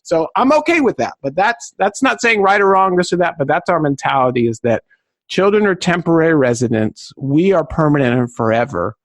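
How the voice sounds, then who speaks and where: A middle-aged man from southern California, a podcast guest telling stories in an exclamatory, high-energy way. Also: expressive, brisk, no echo. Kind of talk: enthusiastic storytelling.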